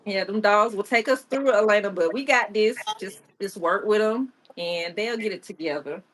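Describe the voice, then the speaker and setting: A woman's voice: medium pitch, normal speed, fairly bright tone, a little hiss or hum. A woman hosting a live-stream who asks questions in a chatty, informal way and giggles and teases herself often. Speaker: livestream host. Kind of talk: casual live-stream interview.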